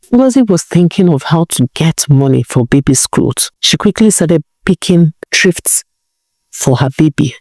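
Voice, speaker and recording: A woman storyteller narrates a folk tale, chatty and animated, with a pitch that rises and falls freely. Her voice is mellow and warm. The sound is dry and close to the mic. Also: dry recording. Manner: conversational, expressive, animated.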